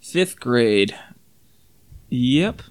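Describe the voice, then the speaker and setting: A man's voice: mid-range voice, animated, drawn-out words. A man co-hosting a casual podcast with friends, joking and playful. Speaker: podcast co-host. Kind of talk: casual chat among friends.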